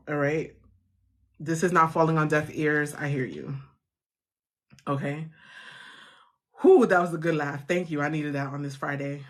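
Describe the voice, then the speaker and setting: Reassuring woman host, laughing and restarting. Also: sits low. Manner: warm, reassuring, laughs often, many restarts. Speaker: host of a live funding chat. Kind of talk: casual live-stream talk to viewers.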